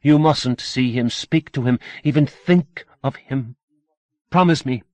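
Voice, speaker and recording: A man's voice: mid-range voice, measured pace, dry recording, pitched above the performer's own voice, lightly acted. A man voicing a frantic, pious older mother in an audiobook, pleading and demanding.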